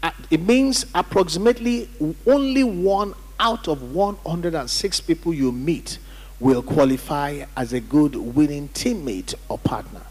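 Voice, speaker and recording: Husky preaching man in echoing hall. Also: on the high side, unhurried, a little mellow. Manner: emphatic preaching, calls on congregation to repeat. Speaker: pastor. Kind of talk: sermon. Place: church hall during service. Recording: church hall reverb.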